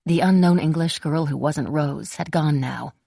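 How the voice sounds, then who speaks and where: A woman reading a novel aloud in the first person, with wry, measured storytelling. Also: low-pitched, vocal fry, dark tone, no room sound, studio quality. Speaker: audiobook narrator.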